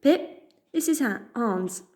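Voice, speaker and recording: A woman voicing a loyal, kindly male dog with a British accent, gentle and reassuring in manner. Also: on the high side, expressive, takes it slowly, voice pushed up. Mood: earnest.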